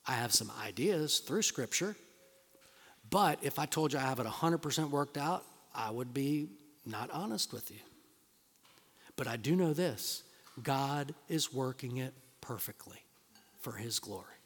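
A man's voice: medium pitch, animated, unhurried, a bit bright, slightly rough. A man preaching a sermon to his church, reading scripture aloud and building to emphatic, rising bursts. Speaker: pastor. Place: church sanctuary. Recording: long reverb of a large hall.

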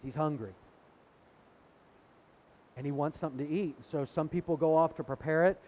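A man's voice: on the high side, normal speed, a little mellow. A middle-aged man preaching a sermon in a conversational way, retelling scripture and acting out the quotes. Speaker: pastor.

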